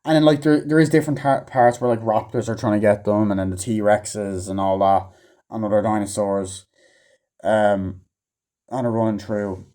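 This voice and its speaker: A man's voice: fairly low pitch, steady tone, moderate pace, warm tone. Rambling, swearing male movie reviewer. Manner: rambling, profane, offhand. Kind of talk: casual movie review vlog.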